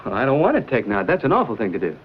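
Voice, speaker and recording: An actor playing a bold frontier adventurer with a wry, plainspoken way of talking, in a 1950s TV western drama. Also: male voice, mid-range voice, wildly swooping pitch, very fast. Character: bold frontier adventurer hero, dry wit. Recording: dull old TV soundtrack with faint hiss.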